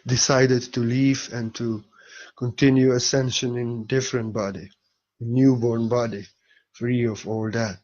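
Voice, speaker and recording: Slow, soft-spoken man on a lo-fi recording. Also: medium pitch, little pitch movement. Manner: slow, soft and reflective, with halting pauses. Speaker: spiritual speaker. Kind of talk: spiritual talk. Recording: dull lo-fi recording.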